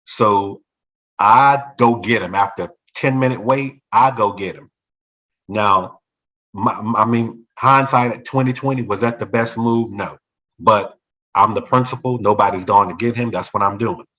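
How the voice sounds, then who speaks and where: Animated storytelling man. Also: lowish voice, normal speed, rough recording. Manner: animated, acts out other people's voices in quotes. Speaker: former school principal. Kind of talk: storytelling in a talk show conversation.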